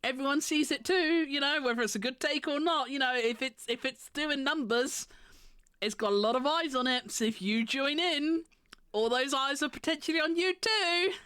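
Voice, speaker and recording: Woman streamer, sweary sarcastic ranter, high-pitched, dry recording. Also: normal speed, fairly bright tone, no room sound. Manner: ranting, sweary, sarcastic mock voices. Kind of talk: casual stream chat.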